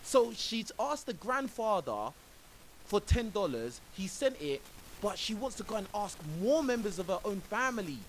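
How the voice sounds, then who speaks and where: Guy ranting on his stream, kinda high voice, light hiss on the mic, outraged, bro every line. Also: sing-song, normal speed, low-quality recording. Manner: indignant, repeats "bro", ranting. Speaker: streamer reacting to a clip. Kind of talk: reaction commentary on a livestream. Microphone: own microphone. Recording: faint hiss.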